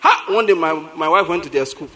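A man's voice: a little high, lively intonation, brisk, sharp tone. A man with a Nigerian accent preaching a sermon as pastor, telling stories animatedly, repeating lines for emphasis and laughing often.

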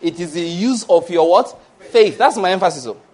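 A man preaching, his voice sitting fairly high for a man. He is lively and playful, slipping into little acted-out exchanges, then turns to steady prayer and blessings spoken line by line for a call and response. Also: a little fast. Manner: lively, acts out dialogues, laughs often. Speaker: pastor. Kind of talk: sermon and closing prayer.

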